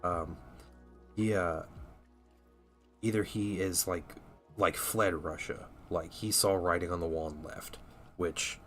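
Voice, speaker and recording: Man, low voice, casual rambling streamer talking to chat while painting, faint music bed. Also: steady tone, slow pace, long pauses, fairly bright tone. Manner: rambling and chatty, full of "like" and restarts; answers his chat viewers as he paints. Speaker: live streamer painting miniatures.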